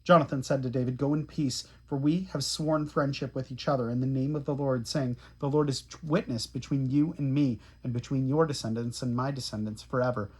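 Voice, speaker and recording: A man reading scripture aloud in a steady, earnest way. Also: medium pitch, fairly quick, hardly any pauses, husky. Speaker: Bible reader.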